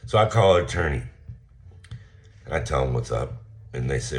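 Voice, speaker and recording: A man's voice: very deep voice, lively intonation, normal speed, long pauses. A man telling a story about a run-in, in a casual, aggrieved way. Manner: aggrieved, recounting an incident and acting out both sides. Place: small town.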